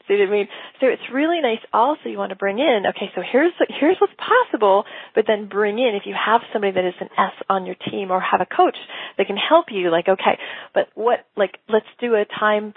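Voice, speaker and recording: A woman business coach teaching in a casual, animated way, often acting out quoted dialogue and laughing. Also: on the high side, brisk, husky, no echo. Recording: tinny phone-like sound.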